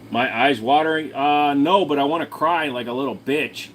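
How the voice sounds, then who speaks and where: A man's voice: fairly high pitch, moderate pace, hardly any pauses. A man hosting his own channel, answering viewer questions in a rambling, crude, joking way. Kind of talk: casual livestream Q&A chat.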